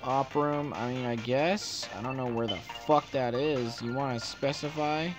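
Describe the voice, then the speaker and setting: A man's voice: mid-range voice, fairly even intonation, normal speed, over music. A man giving casual gameplay commentary, sarcastic and swearing often. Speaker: let's play gamer.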